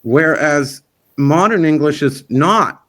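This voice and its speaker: A man's voice: on the high side, expressive, takes it slowly, fairly bright tone. A man who organizes a festival, chatting in an interview in a rambling, frank and opinionated way. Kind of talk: casual interview chat.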